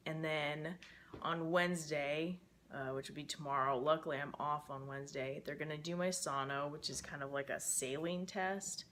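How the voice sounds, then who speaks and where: A woman's voice: deep voice, fairly even intonation, moderate pace, fairly bright tone, a little hiss or hum. A young woman talking to camera in a casual personal vlog, rambling and emotional with many fillers, stressed and frustrated. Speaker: vlogger.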